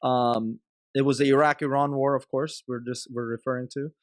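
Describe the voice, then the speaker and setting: A man hosts a podcast in a dry, close room with no echo. He introduces his guest and asks his questions haltingly, filling the gaps with many pauses and fillers. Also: medium pitch, steady tone. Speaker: podcast host. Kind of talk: interview hosting.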